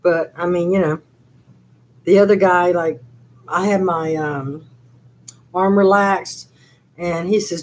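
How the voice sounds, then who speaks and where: A woman's voice: lowish voice, unhurried, a little mellow, a little hiss or hum, low-quality recording. An older woman hosting a casual live-stream chat, rambling through stories with lots of fillers. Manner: rambling, chatty storytelling with many fillers. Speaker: channel host on a live chat.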